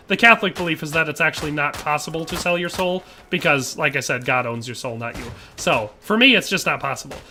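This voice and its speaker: A man's voice: on the high side, sharp tone. A man, chatting casually and rambling with jokes while streaming a game and reading chat aloud. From Wisconsin, USA.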